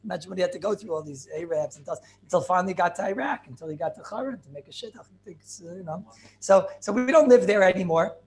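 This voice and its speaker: Rambling, joking rabbi teaching a class. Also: male voice, high-pitched, fast talker, darkish tone. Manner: rambling, joking, asks the class questions, many fillers. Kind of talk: informal Torah class.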